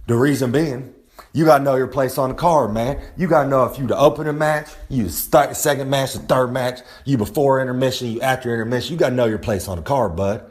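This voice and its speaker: A brash man cuts a wrestling-style promo, bragging and rambling as he refers to himself in the third person. He gets heated easily and swears freely, with a middle-pitched voice, speaking outdoors. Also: fast talker. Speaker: recurring segment presenter. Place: outdoors on a humid day.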